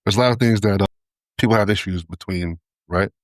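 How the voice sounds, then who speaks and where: Fast-talking man with a low voice. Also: dry recording. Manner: fast, rambling, heavy on fillers and profanity. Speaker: podcast co-host. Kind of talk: casual chat.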